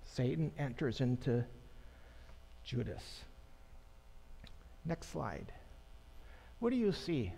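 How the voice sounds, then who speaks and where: A pastor giving a sermon to his congregation in a conversational, unhurried way, pausing and making asides to the people in the pews. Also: medium pitch, sing-song, creaky, mellow, husky. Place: church sanctuary. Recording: long church reverb.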